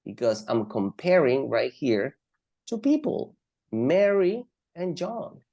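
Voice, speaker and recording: A Spanish-accented English teacher, a native Spanish speaker, runs a bilingual grammar class at an unhurried pace. The voice has a gravelly grain and a lively melody. The teacher repeats each example and quizzes the students with questions. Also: medium pitch.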